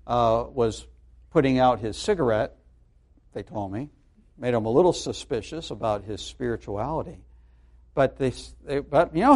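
A man's voice: medium pitch, darkish tone. A middle-aged man preaching a sermon to his congregation, telling a story in a conversational way with frequent fillers and restarts. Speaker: pastor.

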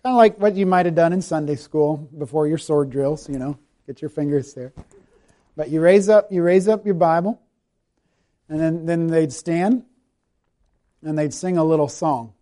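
A pastor giving a conversational sermon with a self-deprecating touch, easing into a quiet, prayerful close. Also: male voice, a little high, normal speed. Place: church sanctuary.

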